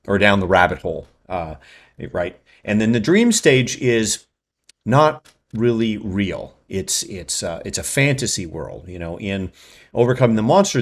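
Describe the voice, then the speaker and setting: Male writing-channel host, lowish voice, rapid lecturing delivery. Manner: fast, tags points with "right?". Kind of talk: explanatory lecture.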